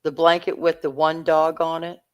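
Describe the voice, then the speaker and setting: A woman co-hosting a live online auction, calling bids in a calm, measured way. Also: sits low, smooth, dull audio. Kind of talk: live auction calls and chat.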